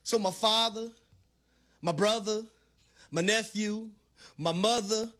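A middle-aged man co-hosting a sports radio show, talking in a hyped, preacher-like sing-song that swells into shouts. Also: high voice, slow. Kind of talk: animated sports radio banter.

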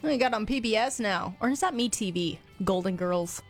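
A woman's voice: medium pitch, expressive, soft background music. A woman co-hosting a radio call-in show, chatting playfully and reading out listener listings. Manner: playful, quick to laugh. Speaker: radio co-host. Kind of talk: casual on-air banter.

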